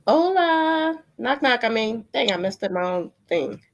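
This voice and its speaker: A woman's voice: on the high side, sing-song, unhurried. A woman hosting a livestream, ranting bluntly and profanely in a rambling way. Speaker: host. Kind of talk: heated livestream commentary.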